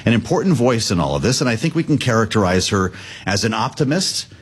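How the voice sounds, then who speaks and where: Husky, lively male news anchor. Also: on the low side, quick pace. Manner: conversational, lively delivery. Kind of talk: live business news show.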